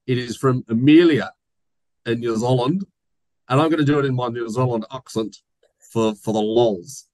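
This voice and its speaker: A man's voice: mid-range voice, dry recording, poor audio. A man co-hosting a podcast, chatting casually and joking while reading listener mail aloud. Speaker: podcast co-host. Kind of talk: casual chat.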